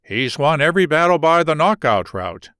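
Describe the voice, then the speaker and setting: A man reading the part of a boastful, blunt boxing manager, dropping his voice lower for him. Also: sing-song, moderate pace, fairly bright tone, clean tone, dry recording, clean studio sound.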